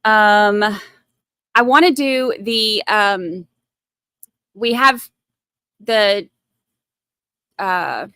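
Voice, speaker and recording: A woman's voice: mid-range voice, extremely slow, long pauses, sharp tone, smooth, no echo, clean studio sound. A woman hosting a casual livestream, rambling and giggling at herself between topics. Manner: giggly, rambling, self-mocking. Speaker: livestream host.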